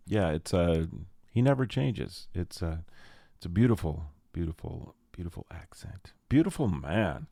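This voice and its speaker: A man's voice: sits low, big pitch swings, unhurried, vocal fry, mellow, breathy edge, no room sound, studio quality. A man hosting a podcast as a casual monologue, playful and rambling with jokey asides. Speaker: podcast host and jazz arranger.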